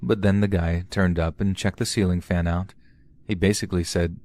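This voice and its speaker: A man's voice: low voice, level tone, normal speed, darkish tone, no room sound. A man telling a true horror story in the first person, in a casual, conversational way.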